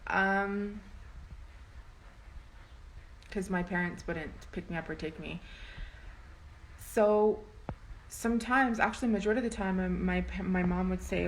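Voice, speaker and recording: A woman's voice: mid-range voice, unhurried, a little hiss or hum, rough recording. A young adult woman vlogging to camera, telling a personal story in a rambling, emotional way with some swearing.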